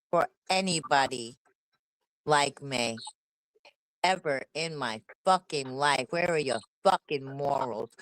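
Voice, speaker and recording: Deep-voiced and angry, a livestream co-host with a New York accent swears through her rant and keeps throwing out rhetorical questions. The audio is poor, though there's no room sound.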